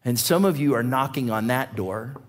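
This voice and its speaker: A man preaching a sermon as a pastor, telling a personal story in an animated way, his voice climbing as the tale builds. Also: mid-range voice, moderate pace. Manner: animated storyteller, voice rising with excitement. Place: church.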